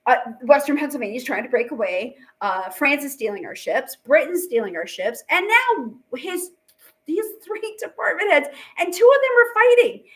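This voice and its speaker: A woman's voice: high voice, very animated, moderate pace, a bit bright. A woman teacher giving a casual, chatty history lecture, full of fillers and playful asides. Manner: chatty, acts out quotes with fillers.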